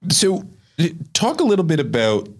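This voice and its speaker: A man hosting a podcast interview, asking questions in a playful, expressive way. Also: a little high, normal speed. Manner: expressive, playful, mimics voices. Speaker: podcast host. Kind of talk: conversational interview.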